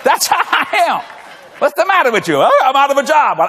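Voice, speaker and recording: In the long echo of a large church auditorium, with slight background noise, an older man preaches a comedic sermon. His very high, sing-song voice moves quickly and sounds pushed and bright. He tells stories, acts out dialogue, and breaks into frequent bursts of laughter.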